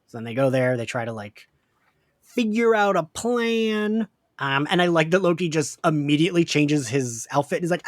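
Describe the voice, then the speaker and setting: A man's voice: on the high side, normal speed, no echo, studio quality. A man with a Philadelphia-area accent co-hosting a podcast, talking casually, laughing often and swearing now and then. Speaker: podcast co-host. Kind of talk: casual chat.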